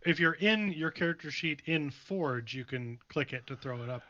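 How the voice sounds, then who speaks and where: A man's voice: fairly high pitch, lively intonation, normal speed, sharp tone, dry recording, highs cut off. A man playing in a tabletop game who helpfully explains the rules to the others. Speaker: player. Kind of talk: casual tabletop game chat.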